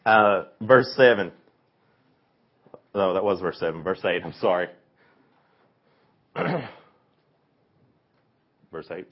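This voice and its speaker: A man teaching a youth Bible lesson, telling the story in an animated way and acting out the voices of its people. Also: deep voice, slow, long pauses. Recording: dull lo-fi recording.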